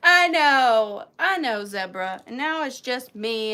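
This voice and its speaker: A woman's voice: on the high side, lively intonation, extremely slow, bright, forceful tone, clean tone. A woman hosting a live vintage sale, chatting playfully with viewers by name and counting down bids. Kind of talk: live auction selling chat.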